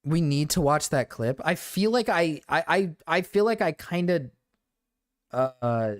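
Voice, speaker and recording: A male streamer reacting live, talking fast and loose, stumbling over his own words and swearing as he goes. His voice sits in a middle register, recorded close and dry with no room sound around it. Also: medium pitch, no echo. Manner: excitable, stammering, swears often.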